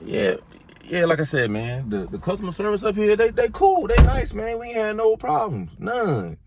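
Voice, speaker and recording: A man vlogging casually to his viewers at a car service shop, drawling and tacking "man" onto nearly every phrase, dropping to low mutters and rising to excited high exclaims. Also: moderate pace, background noise. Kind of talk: casual vlog talk to viewers. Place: car dealership service area, then in a car.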